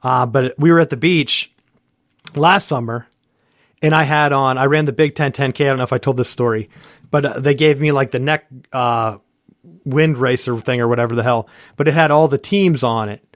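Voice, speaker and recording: During a casual sports chat, a thirtysomething podcast co-host wanders through a story packed with "like" and fillers, impersonating the people in it. He speaks at a moderate pace in a mid-range voice, recorded in studio quality with no echo.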